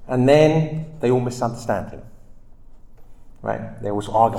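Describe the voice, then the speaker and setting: A man's voice: mid-range voice, normal speed, darkish tone, slight background noise. A man giving a lecture on literature and faith, speaking emphatically and reading quotations with dramatic weight. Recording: echoey room.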